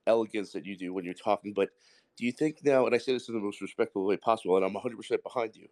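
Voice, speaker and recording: Calling in to ask a question during a live audio Q&A, this Bronx man talks rapid-fire in a fairly low, darkish voice. He's blunt and emphatic, rambling on at length.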